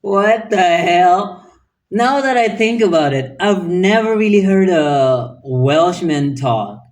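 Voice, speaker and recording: A man's voice: high voice, animated, slow. A man hosting a reaction video, talking in a casual, incredulous, musing way.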